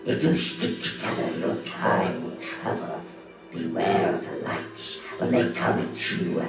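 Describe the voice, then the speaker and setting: A man voicing a creepy female fortune-teller witch in a whispered role-play, chanting in a breathy whisper. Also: low voice, sing-song, unhurried. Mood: ominous. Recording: very echoey, distant, loud music.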